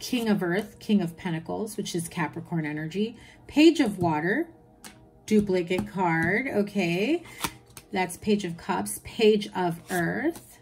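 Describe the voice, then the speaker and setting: A woman giving a tarot reading in a chatty, reassuring way, listing card meanings. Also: medium pitch. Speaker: tarot reader.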